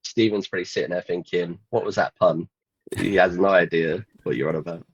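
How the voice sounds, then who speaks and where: A man's voice: low voice, steady tone, a little fast, slightly rough, no room sound. A man co-hosting a casual podcast chat, laid-back, with short replies and chuckles. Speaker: podcast co-host. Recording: dull, dry lo-fi mic.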